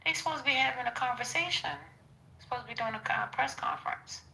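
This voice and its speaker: A woman's voice: fairly high pitch, fast, vocal fry, pushed and bright, reverberant, low-quality recording. A woman in a casual group podcast chat, teasing and sassy in her back-and-forth.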